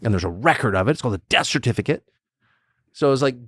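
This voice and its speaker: A middle-aged man talking as a podcast guest, blunt and animated, acting out quotes with sudden high bursts. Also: quick pace, slightly rough, no room sound, clean studio sound. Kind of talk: casual conversation.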